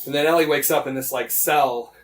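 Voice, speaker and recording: A man's voice: medium pitch, steady tone, a little fast, a little hiss or hum. A man co-hosting a casual podcast, animatedly retelling events with lots of swearing and "like" fillers. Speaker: podcast co-host.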